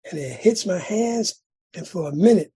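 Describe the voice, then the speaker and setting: A middle-aged man from California sharing his recovery story at a meeting, telling it dramatically with sudden loud bursts and rhythmic repetition. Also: sits high, expressive, normal speed, husky. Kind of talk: personal recovery testimony.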